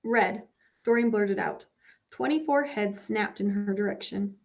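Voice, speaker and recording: A woman narrates a story in a measured, storytelling manner. Her voice is mid-pitched. The recording is a little dull and lo-fi. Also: a little mellow. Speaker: audiobook narrator. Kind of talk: scripted narration.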